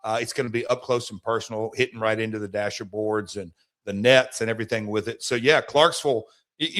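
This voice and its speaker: A middle-aged man from Nashville talks as a guest on sports radio, at a medium pitch. He speaks like a promoter, enthusiastic and full of stories, often restarting his sentences. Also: fairly bright tone. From Nashville, Tennessee. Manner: enthusiastic storyteller, promoter's patter, frequent restarts. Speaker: guest, wrestling promoter and team partner. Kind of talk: radio sports talk interview.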